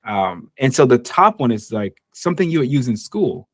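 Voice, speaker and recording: A man's voice: medium pitch, very animated, normal speed, no echo, clean studio sound. An American man teaching an online English lesson in a casual, joking way, stopping to act out little example dialogues. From United States. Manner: casual and jokey, acts out short example dialogues.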